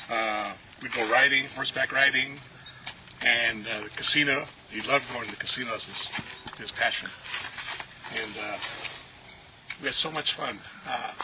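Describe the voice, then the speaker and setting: A man, a friend and actor, giving a relaxed, heartfelt memorial tribute with many filler pauses. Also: medium pitch. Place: outdoors at a ranch. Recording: steady background noise.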